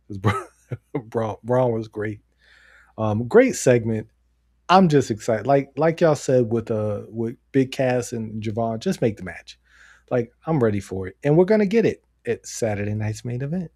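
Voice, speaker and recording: A man co-hosting a podcast, talking casually and excitedly, rambling with frequent laughs. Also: mid-range voice, a little slow, no room sound, studio quality. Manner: animated, rambling, laughs often. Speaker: podcast co-host. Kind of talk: casual wrestling chat.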